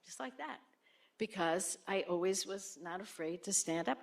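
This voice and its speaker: A woman's voice: moderate pace, creaky. An older woman, a former senator, telling stories in a conversational way at a lecture and acting out the people she quotes. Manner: animated, acts out quoted voices with sharp jumps in pitch. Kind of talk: conversational storytelling on stage.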